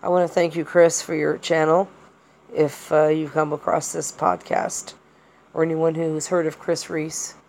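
Woman podcast host, slightly low voice, rambling and hesitant delivery full of fillers. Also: level tone, a little slow, darkish tone, slight background noise. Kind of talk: personal monologue.

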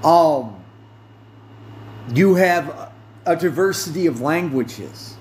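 A man hosting a podcast, talking in a slow, rambling monologue with many fillers and self-corrections. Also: a little high, lively intonation, darkish tone, a little hiss or hum. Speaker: podcast host. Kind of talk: casual monologue.

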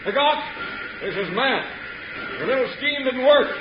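An actor playing a scheming, commanding outlaw boss in a 1950s radio western, with a sneering manner. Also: male voice, very high-pitched, expressive, moderate pace, muffled recording. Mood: menacing. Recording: hissy, echoey old radio broadcast.

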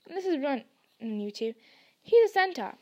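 A woman reading aloud and voicing a gruff, burly male gamekeeper with rough, folksy speech. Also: sits high, very animated, moderate pace, dark tone, highs cut off. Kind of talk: audiobook reading.

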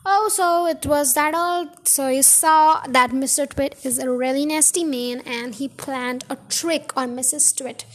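A woman's voice: high-pitched, unhurried, few pauses, fairly bright tone. A woman reading a children's book aloud on a podcast, chatty, with asides and self-corrections. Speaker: podcast story reader.

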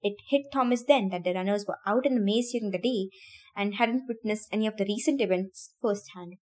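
A woman's voice: mid-range voice, fairly quick, a little mellow. A woman podcast host reading a novel aloud, stopping now and then to laugh and talk to her listeners about the story. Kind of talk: casual read-aloud with chatty asides.

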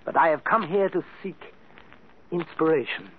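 A man's voice: on the high side, lively intonation, normal speed, slight background noise, natural voice. A man playing an eerie, theatrical composer. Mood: mysterious. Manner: portentous, mysterious. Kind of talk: 1940s radio acting. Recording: phone-like old radio recording.

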